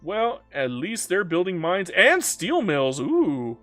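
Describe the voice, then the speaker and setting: A man's voice: sits high, huge pitch swings, slow pace, a bit bright, no echo, faint music behind. A man giving casual, joking commentary while playing a strategy game, talking back to the game. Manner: playful, joking, talks to the game.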